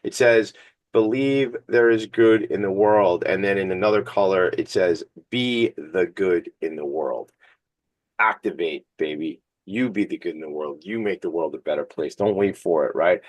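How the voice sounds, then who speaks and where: A man's voice: sits low, normal speed. A man hosting a talk radio show in a studio, chatting casually with a guest in a rambling, jokey, enthusiastic way. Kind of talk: casual interview chat. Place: studio streamed on video.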